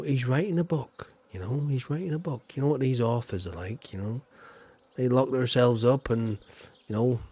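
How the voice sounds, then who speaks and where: A man rambles through his gameplay with cheeky asides, in a husky voice at an everyday pitch. His commentary is casual and chatty, full of fillers. He talks as if to friends watching the stream. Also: darkish tone. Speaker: game streamer.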